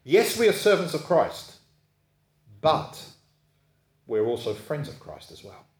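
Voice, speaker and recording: A man's voice: fairly high pitch, wildly swooping pitch, measured pace. A man preaching a sermon, talking in a conversational way and often checking in with his listeners. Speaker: pastor. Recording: echoey room.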